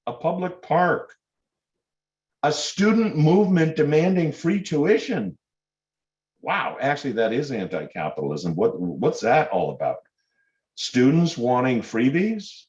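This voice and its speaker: A man's voice: medium pitch, darkish tone. A man giving a public lecture to students, emphatic and full of sarcastic rhetorical questions. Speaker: guest lecturer. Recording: dull lo-fi lecture recording.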